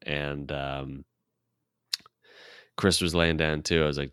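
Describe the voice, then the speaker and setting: A man casually telling a long personal story, laughing often, swearing freely and quoting himself in a low mutter. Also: level tone, unhurried, pauses often, a bit bright, clean tone, dry recording, clean studio sound. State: sore throat.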